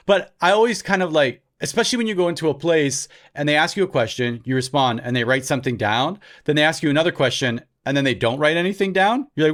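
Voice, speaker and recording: A man's voice: fairly high pitch, expressive, a bit bright. Joking man acting out dialogue. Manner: joking, acts out exchanges in quick voices. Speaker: podcast co-host. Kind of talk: casual chat.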